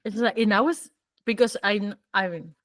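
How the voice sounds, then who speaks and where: Lively Spanish-native woman host. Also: mid-range voice, moderate pace, no room sound. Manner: lively, searching for words, laughs often. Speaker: podcast host. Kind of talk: casual conversation.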